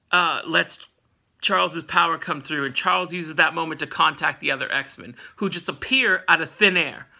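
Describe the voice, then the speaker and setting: A man with a fairly high voice and a very bright, sharp tone, recapping a comic issue as an offhand chat. He is jokey and slangy, and he keeps jumping into quick impressions of the characters. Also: gravelly. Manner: animated, jokey, slangy, acts out characters' lines. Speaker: comic book recap host. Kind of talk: casual comic recap storytelling.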